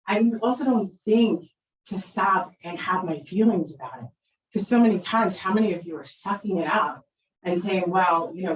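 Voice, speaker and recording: A middle-aged woman giving a talk on parenting, telling a story in an animated, conversational way with frequent tag questions. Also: medium pitch. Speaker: parenting speaker. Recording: echoey room, distant mic.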